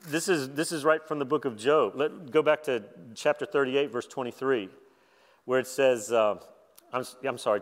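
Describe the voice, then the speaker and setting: Man preaching in a reverberant hall. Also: a little high. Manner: conversational, self-deprecating preaching with laughs. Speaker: conference speaker. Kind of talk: sermon.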